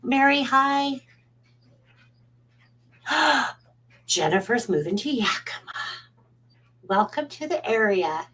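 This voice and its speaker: A woman's voice: fairly high pitch, expressive, takes it slowly, pauses often, fairly bright tone, low-quality recording. A woman psychic at home, chatting casually on a live stream in a rambling way and greeting viewers by name.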